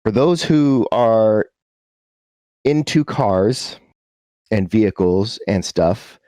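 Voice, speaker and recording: A man narrates a tabletop game as game master, casual and rambling with plenty of fillers. His voice sits fairly low but swings widely, recorded close and dry. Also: lively intonation, drawn-out words, warm tone, no room sound. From United States.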